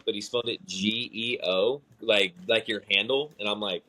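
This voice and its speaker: A man's voice: on the low side, steady tone, a little fast, few pauses, pushed and bright. Joking, swearing podcast co-host man. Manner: joking, swearing, acts out dialogue. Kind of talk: casual chat.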